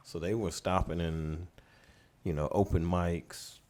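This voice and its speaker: A middle-aged man, a studio owner casually telling stories as a podcast guest with relaxed, rambling anecdotes. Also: low voice, slow. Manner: relaxed, rambling anecdotes, laughing as he tells them. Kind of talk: casual storytelling in a podcast interview.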